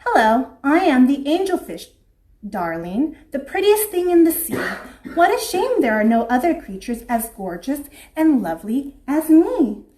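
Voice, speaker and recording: A vain storybook angelfish drawls about how gorgeous she is, voiced by a woman reading to kids. The voice is high and preening, and the room has an echo. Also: big pitch swings, a little slow, mellow. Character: vain, posh female angelfish. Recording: echoey room.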